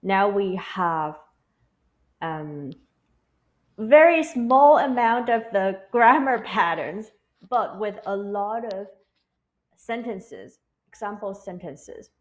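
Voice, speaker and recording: A woman who makes language courses, explaining them on a live online talk in a careful way, with pauses between phrases. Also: mid-range voice, expressive, rough recording. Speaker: course creator. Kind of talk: explaining on a livestream.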